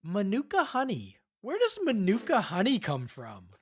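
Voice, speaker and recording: A woman's voice: mid-range voice, huge pitch swings, moderate pace, breathy edge. A woman hosting a podcast, running a quiz for her co-hosts in an upbeat, encouraging way. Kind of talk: casual podcast chat.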